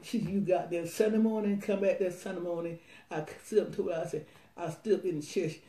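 A woman's voice: fairly low pitch, fairly quick, distant mic. Old lady in her 90s telling her church testimony, all over the place, laughing, voice bouncing in a roomy space. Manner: excited, laughing, rambling storytelling. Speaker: evangelist.

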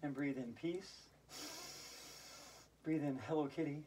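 A woman's voice: sits low, measured pace, slight background noise. Playful woman leading hula hoop yoga. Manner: playful, laughs out loud on cue; chants rhyming verses in a sing-song. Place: indoors while it snows outside. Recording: voice from a distance off the mic.

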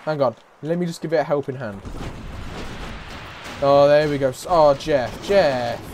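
A man commentating a game, loud and mocking, swearing and taunting characters. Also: on the high side, measured pace, a little hiss or hum. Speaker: gaming YouTuber. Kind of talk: let's play commentary. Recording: game music faint behind.

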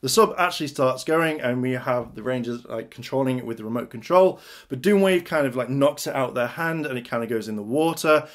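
A man's voice: medium pitch, fairly quick, few pauses. A man casually recapping and reviewing a TV episode, talking loosely with lots of "like" and "kind of". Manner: chatty, fills with "like" and "kind of".

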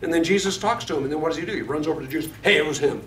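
A man's voice: on the high side, very fast, a little hiss or hum. A man from Florida teaching a Bible study lesson in a conversational way, often asking the class questions. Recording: echoey room, mic far off.

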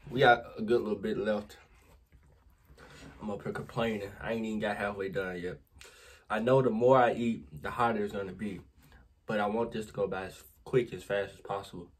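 A man's voice: on the low side, fairly even intonation, moderate pace, slight background noise. A man vlogging casually to his viewers on a phone camera, exclaiming often and talking straight to them.

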